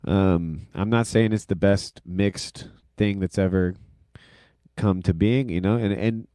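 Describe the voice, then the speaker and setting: Low-voiced guy chatting on his stream, smooth clear tone, super dry close mic, rambly. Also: takes it slowly, warm tone, dry recording. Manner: rambling, filler-heavy, self-deprecating. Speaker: livestream host and music producer. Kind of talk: casual livestream chat.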